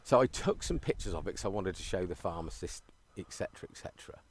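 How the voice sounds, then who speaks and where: Brief: male cricket commentator, low-pitched, animated, laughs through his tales. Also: fast, husky. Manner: animated storyteller, laughs often. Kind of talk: casual chat during live commentary.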